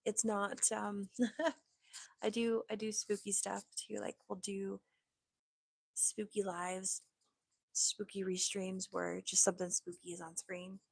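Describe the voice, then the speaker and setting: A woman's voice: medium pitch, completely flat delivery, slow pace, gravelly, pauses often, husky, no echo. A woman hosting a casual live stream, chatting in an upbeat, loose way with lots of fillers into a desk microphone.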